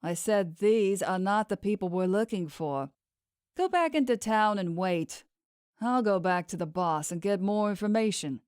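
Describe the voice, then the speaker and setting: A woman's voice: mid-range voice, animated, a little slow, darkish tone, clean tone, no room sound, clean studio sound, lightly acted. A woman reading the part of a blunt, mercenary male hired thug in an audiobook, speaking curtly and threateningly. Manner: curt, threatening.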